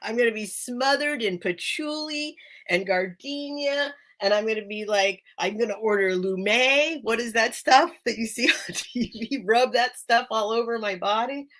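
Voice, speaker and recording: A woman's voice: fairly high pitch, unhurried, a bit bright. An American woman hosting a live sale stream, chatting casually with viewers by name and laughing often.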